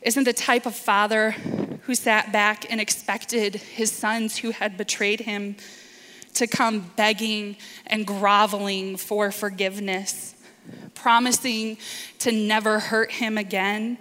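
A woman preacher delivering a sermon in earnest, deliberate short phrases. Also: medium pitch, flat delivery, pushed and bright. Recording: reverberant hall.

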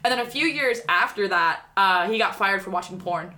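Bright-voiced young woman. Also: medium pitch, moderate pace, slight background noise. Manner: expressive, swears a lot, fillers like "like". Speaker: podcast co-host. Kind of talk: casual chat.

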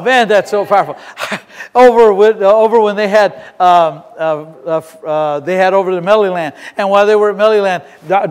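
Fervent high-voiced pastor in a reverberant hall. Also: male voice. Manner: fervent, emphatic, repeats and restarts phrases. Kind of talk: sermon. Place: church sanctuary. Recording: long reverb of a large hall.

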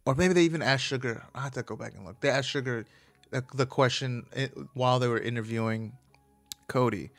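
A man's voice: mid-range voice, a little fast, fairly bright tone. A man talking casually as a host, rambling and swearing, often stopping to correct himself. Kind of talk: casual chat about fights.

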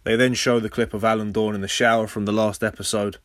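An English man hosting a casual podcast recap, sarcastic and swearing freely, with sudden loud high outbursts. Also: level tone, fast talker, dry recording, clean studio sound. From England. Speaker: podcast host.

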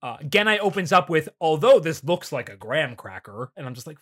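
A man's voice: fairly high pitch, big pitch swings, fairly quick, a bit bright. A man casually recapping an anime episode, swearing often and mock-quoting characters between laughs. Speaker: podcast host.

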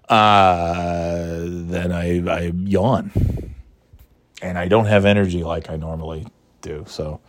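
A vlogger with a deep voice, recorded cleanly in a studio with no echo, yawns and sounds tired. He rambles sarcastically through a casual monologue, swearing freely and mocking himself.

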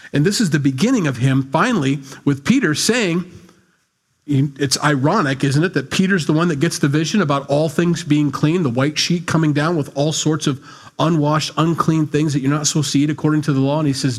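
A man's voice: a little high, moderate pace. A man preaching a sermon, reading scripture and explaining it in a blunt, conversational, teasing way. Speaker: pastor.

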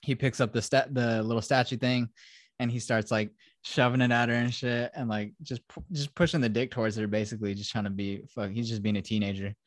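A man's voice: medium pitch, fairly even intonation, a little fast, dry recording, clean studio sound. A young man hosting a podcast, rambling and swearing as he retells a film plot in casual chat. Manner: profane, rambling storyteller. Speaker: podcast host.

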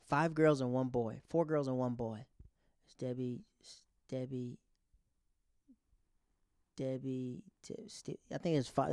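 A man in his thirties tells a rambling, grieving personal story, stopping and restarting as he goes. His pitch sits at an ordinary middle height. The sound is dry and close, with no room echo. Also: darkish tone, clean tone. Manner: rambling, halting, with many restarts.

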